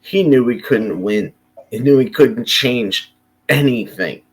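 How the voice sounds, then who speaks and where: A man's voice: medium pitch, takes it slowly, slightly rough. A man from Chicago delivering an unscripted, impassioned monologue, blunt and profane, often breaking off and restarting his sentences. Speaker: commentator.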